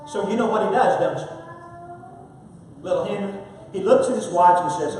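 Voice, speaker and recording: A man's voice: high-pitched, normal speed, long pauses, a little mellow, slight background noise. A man preaching an emphatic sermon, repeating phrases and swinging his volume up and down. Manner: emphatic, repetitive, rises and falls in volume. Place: church sanctuary. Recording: echoey hall, picked up from far off.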